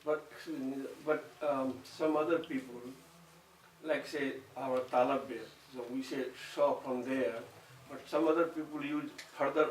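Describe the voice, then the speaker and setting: A male student raises a question with polite hesitation, in a voice of ordinary pitch. He sounds distant and roomy, with faint background noise in the classroom. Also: fairly even intonation, measured pace. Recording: echoey room, mic at a distance, faint noise.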